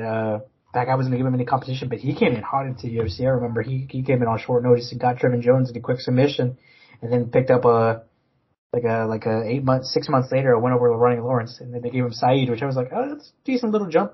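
A man's voice: medium pitch, breathy edge, lo-fi sound. A man co-hosting a casual sports podcast, rambling with many fillers and restarts. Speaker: podcast co-host.

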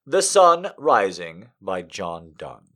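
Brief: male poetry host, lively rise and fall, reads slowly then chats with frequent laughs. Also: lowish voice. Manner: laughs often, trails off into asides. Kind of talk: poetry reading and casual chat.

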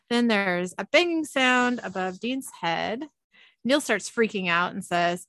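Woman host, casual recap, bright tone, lively pitch, dry sound. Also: a little slow, no room sound. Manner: animated, laughs often. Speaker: podcast host recapping an episode.

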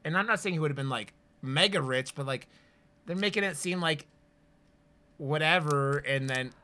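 A man's voice: fairly high pitch, normal speed, bright, forceful tone. A man co-hosting a horror podcast in loose casual chat, rambling with lots of fillers and swearing. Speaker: podcast co-host.

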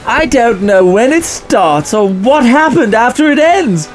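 A man playing a flustered, stammering gentleman. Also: very high-pitched, sing-song, unhurried, soft background music, heavily acted. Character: bewildered, anxious Victorian gentleman. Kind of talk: comic audio drama.

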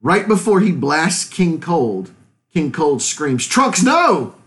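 A man's voice: fairly high pitch, slow pace. A man co-hosting a podcast, talking casually and opinionatedly, often laughing. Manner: opinionated, animated fan talk with laughs. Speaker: podcast co-host. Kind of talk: casual chat.

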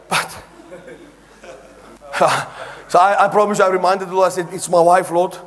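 Animated preacher, high voice. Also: male voice, normal speed, long pauses, in a large hall. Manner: animated, acts out dialogue, laughing asides. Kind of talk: storytelling sermon.

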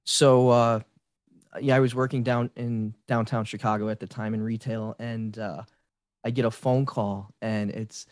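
A man's voice: on the low side, a little slow, no room sound, studio quality. A man in his forties on a podcast, eagerly telling a story in casual chat, with frequent restarts. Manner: excited storyteller, many restarts. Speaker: podcast guest, fan site creator.

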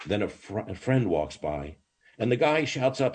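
An older man, a rabbi, telling stories in a podcast interview in an animated way, with many false starts. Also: lowish voice, moderate pace, husky.

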